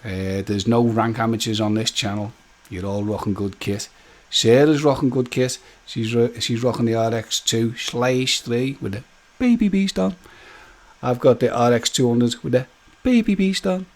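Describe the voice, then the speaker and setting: A man with a mid-range voice, talking at normal speed, hosts a casual live stream. He chats and jokes with his viewers, addressing them by name, and his talk rambles loosely with lots of fillers and restarts.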